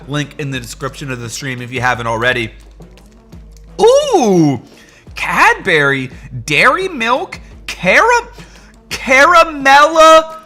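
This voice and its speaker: A young man hosting a casual livestream, excitedly greeting chat viewers by name and hyping things up as he talks. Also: on the high side. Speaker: livestream host.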